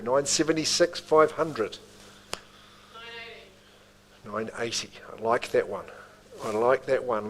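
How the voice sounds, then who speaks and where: A man's voice: mid-range voice, rough recording. A man with a New Zealand accent calling bids at a live property auction, with rhythmic bid calls and chatty asides to the room.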